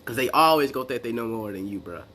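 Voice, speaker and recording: A man's voice: mid-range voice, expressive, fast talker, fairly bright tone, a little hiss or hum. A young man rambling casually through a personal story, full of slang and restarts. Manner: rambling, slangy, retells exchanges in quotes. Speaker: vlogger.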